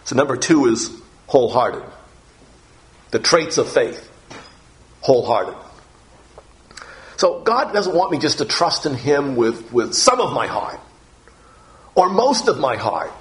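A man's voice: mid-range voice, very animated, slow, pauses often. A man preaching a morning sermon as pastor, earnest, repeating phrases and pushing his voice up on the key words.

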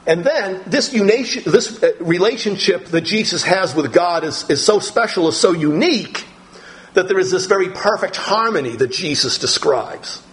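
Slow-preaching middle-aged man. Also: high voice, animated, a bit bright, poor audio. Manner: slow, deliberate Bible teaching with many pauses and fillers. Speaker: pastor. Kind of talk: sermon.

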